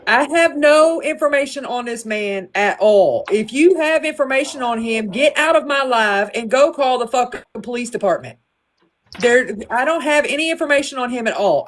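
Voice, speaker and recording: A woman's voice: high-pitched, expressive, moderate pace, slight background noise. A woman hosting a live stream, blunt and taking charge. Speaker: livestream host.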